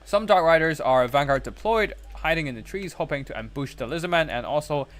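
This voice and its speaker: A man's voice: fairly high pitch, animated, brisk. A man casting a live strategy game tournament, chatting with viewers between play-by-play calls. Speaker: tournament caster and streamer.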